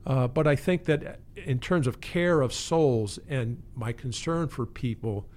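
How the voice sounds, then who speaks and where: A man's voice: medium pitch, a little slow, a little mellow. Man, pastor, mid-range voice, earnest, reflective, restarts phrases. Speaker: pastor and pastoral care teacher. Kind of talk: conversational interview.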